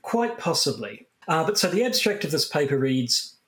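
A man's voice: a little high, big pitch swings, moderate pace, fairly bright tone. A man hosting a podcast, explaining a history topic in a casual, hesitant way with frequent restarts. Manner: hesitant, many restarts and fillers. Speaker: podcast host.

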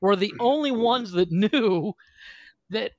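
A man's voice: high-pitched, expressive, slow, a little mellow, dry recording, muffled recording. A man hosting a podcast, telling a story in a rambling way, swearing freely and laughing often. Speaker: podcast host. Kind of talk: casual profane chat.

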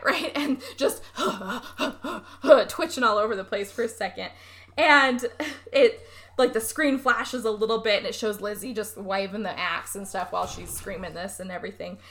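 A woman co-hosting a podcast, recapping a movie in casual chat, animated and laughing often as she acts out the characters' lines. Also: mid-range voice, fairly quick. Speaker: podcast co-host.

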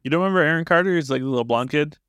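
A man's voice: a little high, very fast, fairly bright tone, clean tone, no room sound. A man co-hosting an improv comedy podcast, joking in a dry matter-of-fact way. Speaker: podcast co-host. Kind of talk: casual improv chat.

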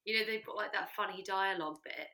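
A woman's voice: mid-range voice, fast, gravelly, bright, forceful tone. A woman co-hosting a casual podcast, giggly and a little hesitant. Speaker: podcast co-host. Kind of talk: casual chat.

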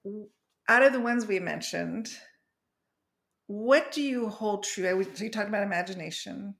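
Laughing woman with a gravelly voice. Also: mid-range voice. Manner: animated storyteller, laughs often. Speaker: podcast host. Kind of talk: casual conversation.

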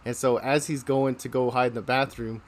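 A man's voice: medium pitch, steady tone, fairly quick. A man hosting a podcast, telling casual stories, laughing often and acting out the people in them. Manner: acts out the people in his stories. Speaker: podcast host. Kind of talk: casual storytelling.

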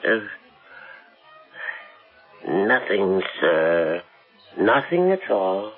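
An actor playing a nervous, deferential butler in a 1970s radio drama, on a tinny old broadcast recording. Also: male voice, low-pitched, big pitch swings, extremely slow, faint music behind, exaggerated voice. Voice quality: deferential, hesitant.

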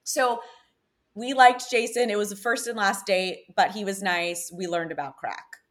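A young woman from Connecticut hosting a podcast, telling dating stories in an animated, chatty way full of "like". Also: medium pitch, a little slow. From Connecticut, USA. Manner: chatty, animated storytelling with frequent "like". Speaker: podcast host. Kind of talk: casual chat.

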